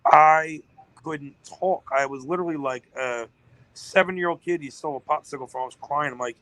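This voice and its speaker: A man's voice: a little high, fairly quick, a bit bright, no room sound, low-quality recording. A man, a business-owner guest on a podcast, telling a long story in an emotional, rambling way.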